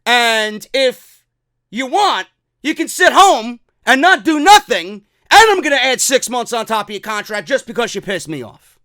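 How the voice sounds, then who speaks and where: A man's voice: very high-pitched, big pitch swings, unhurried, bright, forceful tone, pitched above the performer's own voice, exaggerated voice. A man voicing a furious, spiteful company boss who snarls profanity.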